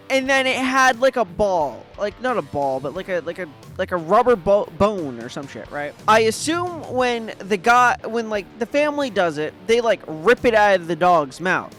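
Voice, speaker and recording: A man's voice: high voice, a bit bright. A man, a VTuber, ranting in a casual monologue, exasperated and profane, full of "like" and "right?".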